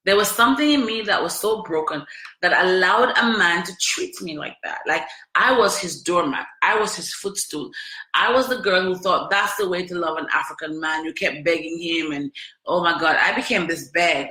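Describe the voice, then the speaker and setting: A woman's voice: fairly low pitch, normal speed, bright, forceful tone, echoey room. A woman hosting a podcast, telling a personal story in an emotional, emphatic way, with lots of repetition. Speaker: podcast host.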